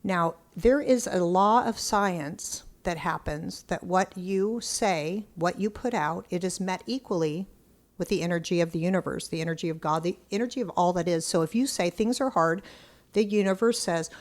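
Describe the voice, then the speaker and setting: Woman, middle-aged, lowish voice, excitable, blunt, storytelling guest. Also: normal speed. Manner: excitable, animated storyteller who acts out quotes; blunt, occasional cursing. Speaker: podcast guest. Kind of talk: casual interview storytelling.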